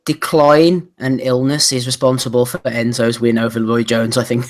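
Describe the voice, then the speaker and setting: A man's voice: mid-range voice, flat delivery, moderate pace, a little hiss or hum. A man hosting a live boxing podcast, reading listener questions and steering the chat in a wry, exasperated way. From Glasgow, Scotland. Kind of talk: casual live podcast banter.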